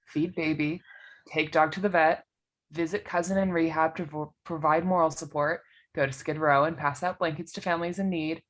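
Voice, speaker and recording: Woman narrating a comedy deadpan. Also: low-pitched, moderate pace.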